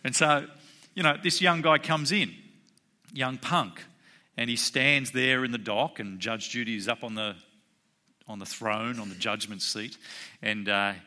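A man preaching a sermon in a conversational way, acting out the quoted voices with sudden jumps in pitch. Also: a little slow. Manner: animated, acts out quoted voices with rising pitch; conversational, with fillers. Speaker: pastor.

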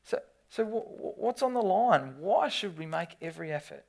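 Animated preacher telling stories. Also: medium pitch, creaky. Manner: animated storytelling with quick restarts and repeated words. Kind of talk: sermon.

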